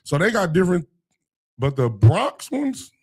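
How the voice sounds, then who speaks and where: A man co-hosting a casual talk radio show, telling animated stories in heavy slang. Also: high-pitched, a little slow, slightly rough. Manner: animated storyteller, slangy, mimics other voices. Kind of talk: casual chat.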